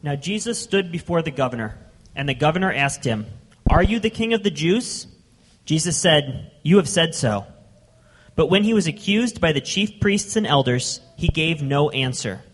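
A man reading scripture aloud in a church service, at a steady, measured pace. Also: a little high, breathy edge, in a large hall. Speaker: scripture reader.

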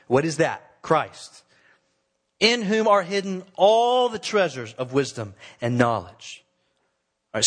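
A pastor preaching a sermon to his church in an earnest, exhorting way, slowing down to stress key phrases. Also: on the high side.

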